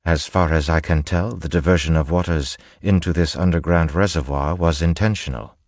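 Man doing a calm bookish guy, formal and measured, low dry voice. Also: no echo.

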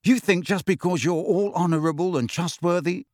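A man reading aloud and voicing an excitable, indignant teenage schoolboy wizard who blurts things out. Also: high voice, moderate pace, no echo, studio quality, pitched above the performer's own voice, natural voice. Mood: scornful. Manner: blurting and aggrieved.

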